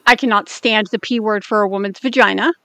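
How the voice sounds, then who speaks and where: A woman from the United States co-hosting a podcast in casual chat, blunt and swearing freely, talking in quick bursts. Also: medium pitch, fairly even intonation, sharp tone, dry recording. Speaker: podcast co-host.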